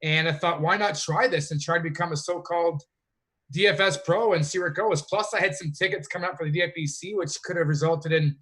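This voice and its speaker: A man's voice: fairly high pitch, quick pace, a bit bright, husky. A man from Canada, a fantasy sports player, telling long rambling stories as a guest in a casual interview. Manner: rambling, self-correcting storyteller.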